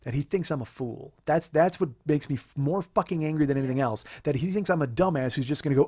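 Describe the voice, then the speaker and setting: A man's voice: fairly high pitch, fast talker, hardly any pauses, darkish tone, dry recording, studio quality. A man in his forties, a comedian host telling a heated, profane story and acting out the dialogue.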